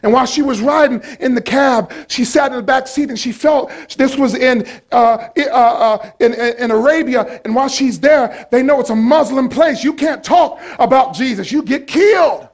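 Male preacher, very high voice, passionate sermon, repetitive, shouts then hushes. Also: moderate pace, hardly any pauses.

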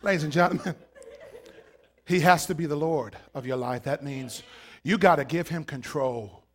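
A man preaching a sermon in a high voice. He drives his points home with fiery shouting, then drops to quieter asides. He keeps calling out to the congregation. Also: normal speed. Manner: calls out to the congregation.

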